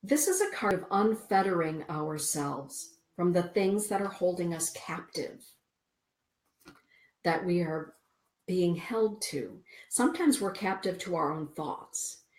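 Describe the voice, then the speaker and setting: A woman's voice: fairly low pitch, slow, darkish tone, echoey room. A woman hosting a spiritual radio show, chatting with listeners and reading oracle cards aloud to them. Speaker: radio show host and card reader.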